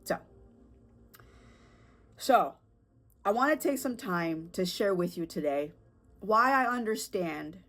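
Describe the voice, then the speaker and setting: A woman in her thirties, perhaps with a lilt, hosting a personal podcast in an earnest, emotional way, with halting restarts and fillers. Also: mid-range voice, fairly bright tone. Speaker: podcast host.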